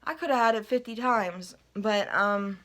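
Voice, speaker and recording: A woman's voice: mid-range voice, unhurried, fairly bright tone. Woman rambling through a dream story. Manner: rambling, many fillers and asides. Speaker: vlogger telling a dream. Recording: phone recording, unedited.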